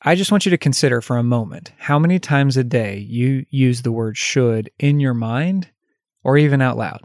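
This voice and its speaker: A man in a middle pitch talks through a solo coaching podcast in an unscripted, conversational way. He laughs at himself now and then and brightens when voicing example phrases. The sound is dry and close, with no room around it. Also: moderate pace, no room sound. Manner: lifts his voice when acting out example phrases. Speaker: life coach and podcast host.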